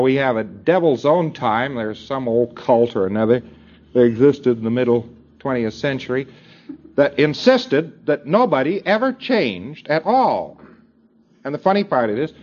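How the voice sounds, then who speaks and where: Male lecturer, mid-pitched, halting and filler-heavy, lo-fi tape sound. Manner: rambling, filler-heavy, acts out dialogue. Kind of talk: lecture to students. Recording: dull lo-fi tape recording.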